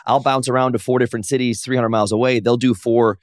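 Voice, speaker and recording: This fast-talking man has a mid-range voice and is a guest on a casual interview, where the wrestler-comedian spins animated stories. When quoting others he switches into raised voices. It's a dry, studio-quality recording.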